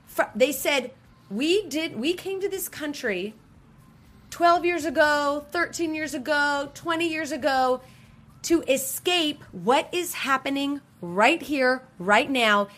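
Chatty woman, slightly high voice. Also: slow. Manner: animated, with many fillers. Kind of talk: casual chat.

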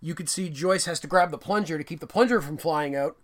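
A man's voice: a little high, fast. A man co-hosting a podcast, casually recapping a war film, acting out lines and swearing freely. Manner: animated storyteller, acts out movie lines, swears casually. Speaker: podcast co-host.

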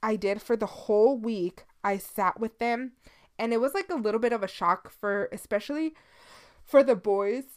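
A woman's voice: on the high side, normal speed, darkish tone. Candid, sleepy woman podcaster. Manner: candid, confessional, swears freely; drops into Spanish phrases. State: sleepy, yawning. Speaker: podcast host. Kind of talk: casual solo podcast monologue.

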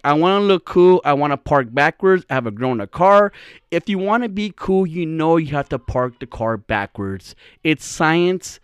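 A man's voice: a little high, clean tone, no echo. A young man with a slightly raised voice rambles through a comic anecdote on his podcast, swearing freely and joking as he goes. The sound is close and dry, with no room around it. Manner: profane, rambling, jokey. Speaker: podcast host. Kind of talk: casual comedic storytelling.

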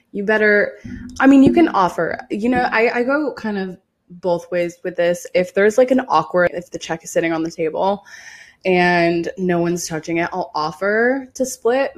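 Raspy young woman with a shot voice, blunt animated podcast rant. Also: fairly low pitch. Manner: blunt, animated, swears freely. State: hoarse, losing her voice. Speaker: podcast host. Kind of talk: casual solo podcast talk.

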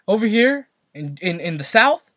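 A man's voice: high-pitched, sing-song, moderate pace, bright, forceful tone, dry recording, studio quality. A young man from California, co-hosting a podcast and rambling through a story with lots of fillers and repeats. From Santa Maria, California. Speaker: podcast co-host. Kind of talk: casual chat.

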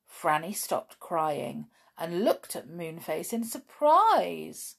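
A woman reading a children's book aloud, expressive, with chatty asides. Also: lowish voice, slow pace, gravelly, hardly any pauses. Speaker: storybook reader.

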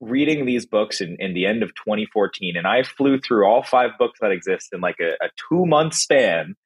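A man's voice: lowish voice, expressive, normal speed, breathy edge, rough recording. A man in his twenties from Boston, a guest on a casual podcast, playful and giggly. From Boston area. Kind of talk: casual chat.

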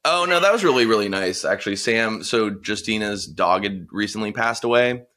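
Joking, bright-voiced man in chat. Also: lowish voice, expressive, moderate pace. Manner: joking, swearing. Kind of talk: casual chat.

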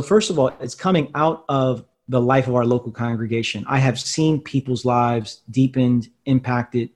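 Male pastor-author, measured, reflective interview guest. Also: medium pitch. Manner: measured, thoughtful, with fillers.

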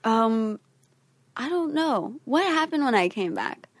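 A woman's voice: fairly high pitch, big pitch swings, slow, dry recording. A young woman telling stories in a casual, laid-back way, swearing freely and laughing often. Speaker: interview guest. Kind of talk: casual storytelling.

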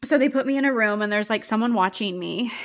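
Woman guest telling a candid personal story. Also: on the high side. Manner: open, halting, with many fillers and restarts. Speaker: podcast guest.

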